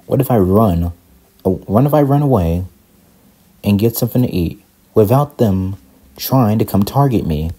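A young man giving casual, excitable commentary while playing a block-building game, often panicking and talking to his viewers. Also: fairly low pitch, normal speed, pauses often, husky. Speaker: gaming YouTuber. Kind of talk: casual Minecraft let's play commentary.

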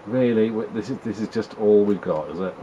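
A man's voice: on the low side, fairly quick, dark tone, muffled recording, a little hiss or hum. A man giving wry, chatty commentary while playing an old video game, teasing the characters on screen. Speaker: retro gaming video host. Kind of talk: casual gameplay commentary.

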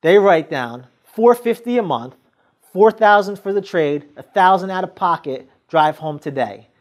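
A man's voice: high-pitched, animated, unhurried. A man giving a motivational sales training talk, coaching the listener directly and acting out sales scenes with quoted dialogue.

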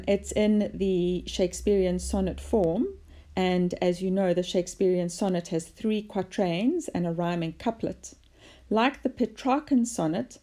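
Woman teaching poetry, kinda low voice, warm, takes her time explaining. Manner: measured explanatory delivery with fillers. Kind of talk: poetry lesson with recitation.

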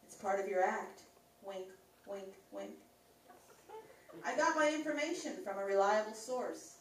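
A woman's voice: medium pitch, lively intonation, a little fast, echoey room, distant mic. A woman performing a crude, teasing rhymed roast poem at a comedy club, often laughing between lines.

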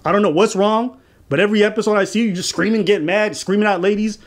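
A man co-hosting a commentary show, talking casually in a mocking, animated and profane way. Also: sits high, quick pace. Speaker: commentary channel co-host.

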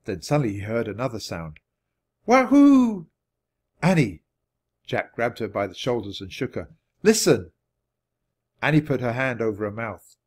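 A man narrating a children's audiobook in an expressive reading voice. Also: quick pace. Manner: expressive, varied pitch. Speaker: audiobook reader.

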